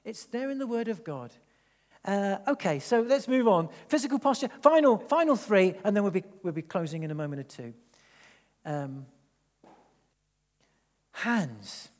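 A man from England, preaching a sermon in a church, animated and rambling with frequent restarts. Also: sits high, normal speed, long pauses, big-room sound. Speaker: pastor. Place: church hall.

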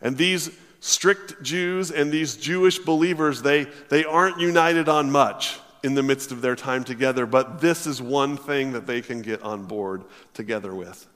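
A man preaching a sermon, reading scripture aloud and then expounding on it with emphatic, drawn-out stresses. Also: mid-range voice, fairly bright tone, big-room sound.

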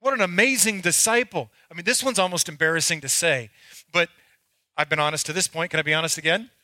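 A male pastor preaches with a ringing, high voice and pokes fun at himself as he tells his stories. His sound is close and dry, with no room around it. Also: quick pace, sharp tone, dry recording. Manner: candid, self-mocking storytelling. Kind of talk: sermon.

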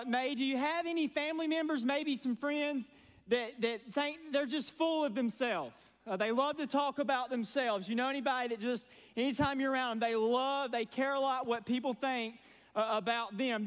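A man preaching a sermon as pastor, folksy and energetic with sarcastic asides. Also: very high-pitched, normal speed. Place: church sanctuary. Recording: long reverb from a church hall.

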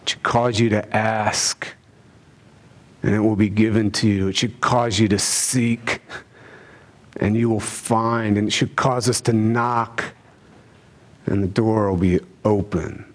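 A man's voice: lowish voice, steady tone, slow, long pauses. Man preaching an emphatic sermon. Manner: emphatic preaching with rhetorical questions, swinging between loud and hushed. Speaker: pastor.

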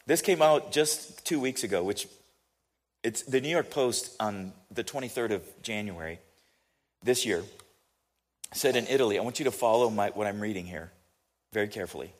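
An American man telling a story in a sermon, chatty and animated, often asking his listeners questions. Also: on the low side, moderate pace, long pauses. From United States.

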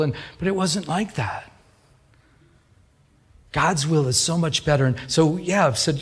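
A man's voice: fairly high pitch, normal speed, breathy edge. A middle-aged man preaching a radio sermon, telling personal stories in a conversational way. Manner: conversational storytelling preacher, acts out quoted voices. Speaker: pastor.

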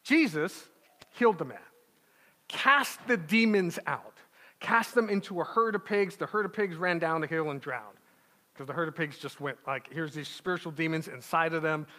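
High bright-voiced preaching man, hall reverb. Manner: emphatic, rhetorical "right?" asides, slows for stress. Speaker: pastor. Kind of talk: sermon.

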